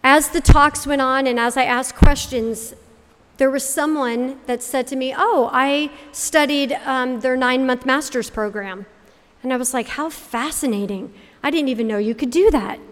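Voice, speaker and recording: A woman's voice: sits high, normal speed. A middle-aged woman from Connecticut telling a personal faith testimony, acting out the voices of the people in her story. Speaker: speaker giving a faith testimony. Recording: hall reverb.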